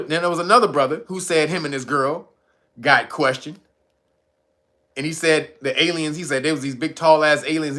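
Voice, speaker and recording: A man with a fairly high, bright, forceful voice talks in loose, casual commentary. His pitch swings widely as he tells a story, swears freely and acts out the people in it. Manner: animated, swearing, retelling stories with acted quotes.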